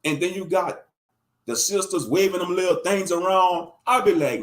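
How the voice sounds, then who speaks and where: Give me a high-voiced man in his thirties doing a profane, mocking livestream rant. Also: moderate pace. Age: 30s. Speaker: livestream commentator. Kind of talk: ranting livestream commentary.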